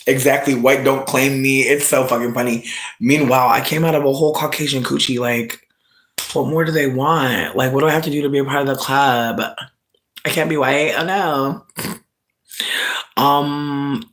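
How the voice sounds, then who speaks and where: A man's voice: medium pitch, a bit bright. A young man who is sick, hosting a casual livestream chat in a sassy, joking, slang-heavy way. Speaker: livestream host.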